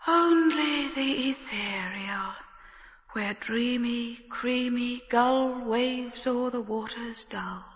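A lofty ethereal nymph. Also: female voice, on the high side, very slow, fairly bright tone, big-room sound, highs cut off. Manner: lofty, remote delivery. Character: lofty pure female nymph, ethereal and aloof.

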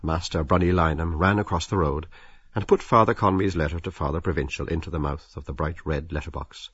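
A man narrating a literary audiobook in a measured, wry and expressive storytelling manner. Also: a bass voice, breathy edge, no room sound, muffled recording.

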